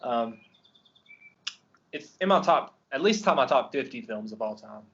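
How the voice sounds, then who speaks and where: The recording is muffled, but this man's medium-pitched, fairly bright voice comes across animated at a moderate pace. Hosting a film podcast, he gushes casually about a movie he loves, with many ums and restarts along the way.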